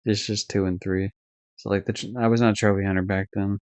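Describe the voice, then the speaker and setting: Young man, low voice, rambling, swears, casual stream talk, dry muffled sound. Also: level tone, moderate pace, darkish tone, dry recording. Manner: rambling, swearing, lots of fillers and self-corrections. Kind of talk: casual live-stream game review. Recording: dull lo-fi dry stream audio.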